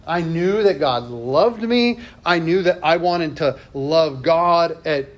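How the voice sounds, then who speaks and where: A man's voice: a little high, lively intonation, slow. A middle-aged male pastor giving a sermon in a church, telling a personal story in a conversational way with self-deprecating asides.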